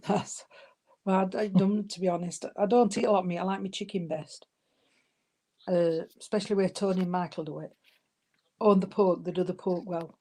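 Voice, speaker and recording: A woman with a dark, mellow voice, working as a medium. She passes on spirit messages and calls her listeners darling and sweetheart. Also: fairly low pitch, fairly even intonation, moderate pace, long pauses. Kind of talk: giving spirit messages at an online service.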